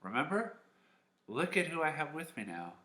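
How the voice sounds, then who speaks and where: A man's voice: a little high, sing-song, normal speed, sharp tone, pitched above the performer's own voice. A man voicing a hopeful young mother. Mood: earnest. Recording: echoey room.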